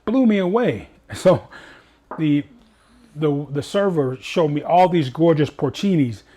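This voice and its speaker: Male cooking host, slightly high voice, chatty and upbeat, loose conversational asides. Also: animated, unhurried, mellow. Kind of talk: casual cooking demonstration.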